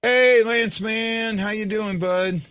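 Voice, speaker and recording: A man's voice: high-pitched, steady tone, slow pace, fairly bright tone, clean tone, no room sound, studio quality. A man hosting a fan podcast, chatting casually and rambling with lots of restarts and fillers. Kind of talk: casual live-stream chat.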